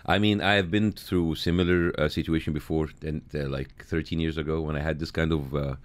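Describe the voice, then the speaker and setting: A middle-aged man whose first language is Arabic, talking as a radio studio guest in a halting way, often repeating words and laughing easily. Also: very deep voice, fairly even intonation. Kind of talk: conversational interview.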